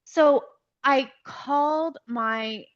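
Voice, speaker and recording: A woman, a podcast guest, telling a personal story in an animated, emotional way, often restarting her sentences. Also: high voice, extremely slow, dull audio. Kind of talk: personal storytelling in a conversational interview.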